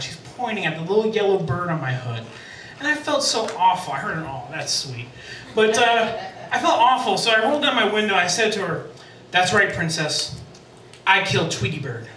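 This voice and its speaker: A man's voice: high-pitched, pushed and bright, a little hiss or hum. A man doing a self-deprecating stand-up comedy set as emcee on a sports bar stage, laughing at his own jokes. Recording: echoey bar from a distance.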